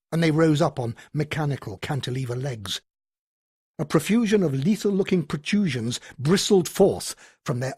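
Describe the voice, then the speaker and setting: Expressive male audiobook narrator, slightly husky. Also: fairly high pitch, no echo, clean studio sound. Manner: dramatic, expressive storytelling. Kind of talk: scripted narration.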